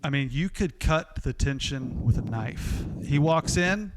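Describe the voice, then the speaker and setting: A man with an Oklahoma accent, a podcast host telling stories in a casual, animated way. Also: a little high, measured pace, background noise. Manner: animated, lively storyteller with laughs and restarts.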